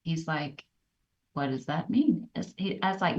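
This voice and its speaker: A woman co-hosting a podcast, telling personal stories in an earnest, reflective way that turns animated. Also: low voice, measured pace. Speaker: podcast co-host. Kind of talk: candid personal storytelling. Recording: dull, slightly distant podcast audio.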